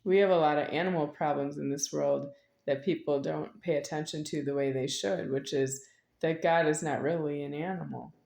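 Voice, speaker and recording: Middle-aged woman, very low voice, rambling and repetitive delivery, echoey room. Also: steady tone, normal speed, creaky, a little mellow. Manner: meandering, repetitive, with sudden laughs. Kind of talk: rambling spoken monologue.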